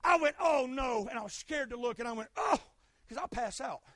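High-pitched fiery preacher. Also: male voice, expressive, fairly quick, no room sound. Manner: fervent, swings from shouting to hushed asides. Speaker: pastor. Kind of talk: sermon.

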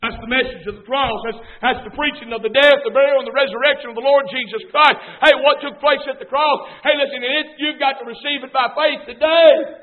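A male preacher, delivering a fiery sermon that swings from shouted cadences to hushed passages. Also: extremely high pitch, steady tone, fairly quick. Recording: tinny phone-like sound.

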